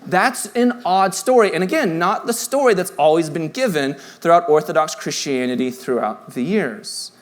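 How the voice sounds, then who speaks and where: A man in his thirties preaching a sermon in a church, earnest and conversational, rising to emphatic points and dropping to quiet, tender passages. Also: a little high, animated, moderate pace, hardly any pauses. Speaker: pastor. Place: church sanctuary.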